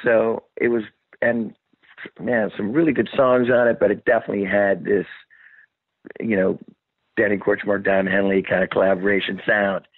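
A lowish-voiced man in his sixties, a rock singer, spins a rambling, profane story and slips into the voices of the people he quotes. The sound is dry and narrow, like a phone line. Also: level tone, normal speed, no room sound. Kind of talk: casual storytelling interview.

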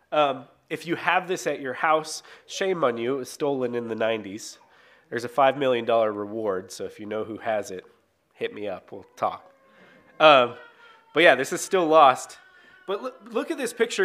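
Guy preaching casually, bit higher voice, keeps asking right?. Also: a bit bright. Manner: conversational, frequent "right?" tag questions; reads scripture aloud then explains it. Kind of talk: sermon.

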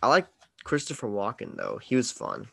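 A man's voice: medium pitch, huge pitch swings, moderate pace, creaky, sharp tone, husky. A man hosting a casual movie-review podcast over an online call, opinionated and teasing, with mock exasperation. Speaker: podcast host.

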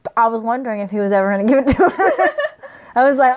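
A woman's voice: a little high, expressive, fast, muffled recording. A woman reading a fantasy novel aloud, stopping now and then to trip over a word or laugh and chat about the story. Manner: stumbles on hard words, laughs through her comments. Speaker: reader of a novel.

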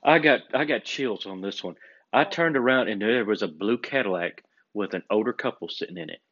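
A man's voice: lowish voice, a little fast. A man telling stories in casual chat, acting out the voices of people in them. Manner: animated storyteller, acts out quoted voices. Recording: dull lo-fi recording.

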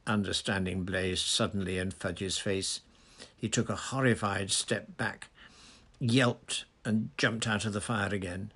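A man narrates a novel aloud at a measured, low-key pace. His voice is low and gravelly with steady vocal fry. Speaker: audiobook reader.

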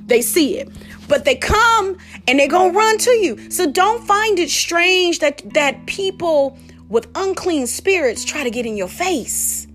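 Animated woman teaching scripture. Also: very high-pitched, a little slow, faint music behind. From Detroit, USA. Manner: animated, laughing, slangy storytelling. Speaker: podcast host. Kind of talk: casual Bible teaching.

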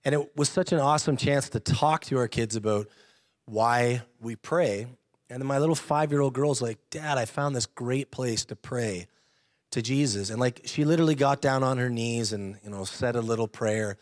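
A man in his thirties gives a personal testimony at church, speaking at medium pitch and normal speed. He's earnest and chatty, laughs often, and keeps restarting his sentences. The recording is dry, with clean studio sound.

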